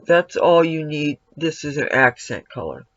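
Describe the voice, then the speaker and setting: A man's voice: on the high side, big pitch swings, a little slow, a bit bright, dry recording. A man giving a casual makeup tutorial at home, rambling and breaking off to talk to his cat. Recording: dull lo-fi, dry sound.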